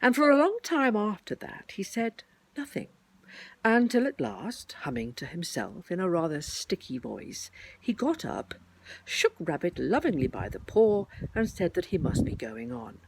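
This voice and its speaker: A woman reading a children's story aloud in a slow, expressive storybook manner. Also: fairly low pitch, slight background noise.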